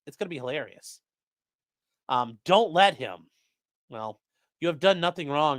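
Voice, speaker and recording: Sarcastic man with a lively voice. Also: fairly high pitch, fairly quick, long pauses, no echo, studio quality. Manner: mocking, sarcastic, swears often. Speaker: commentary streamer reading chat. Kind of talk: casual live-stream commentary.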